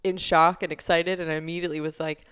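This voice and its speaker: A woman's voice: sits low, level tone, fast, fairly bright tone, clear, resonant tone. A young woman co-hosting a podcast, telling a story in a chatty way with lots of fillers. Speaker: podcast co-host. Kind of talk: casual chat.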